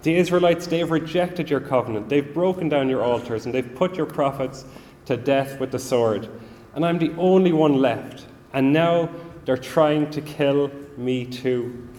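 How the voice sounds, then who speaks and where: A man's voice: a little high, unhurried, darkish tone, natural voice. A man voicing a weary, frightened prophet, pleading in a sermon. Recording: long reverb of a large hall.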